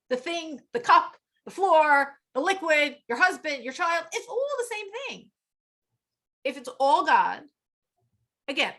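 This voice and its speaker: Teacher, woman, middle-aged; high, bright voice; animated, laughs often. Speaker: teacher of a women's class. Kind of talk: lecture with group discussion.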